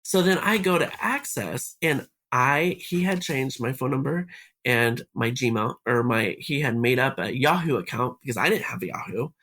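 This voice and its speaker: Man, husky voice, mid-pitched, podcast guest, quoting dialogue as he tells his story. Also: expressive, moderate pace, sharp tone. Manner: retells events by acting out quoted dialogue. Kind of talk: recounting a personal story in conversation.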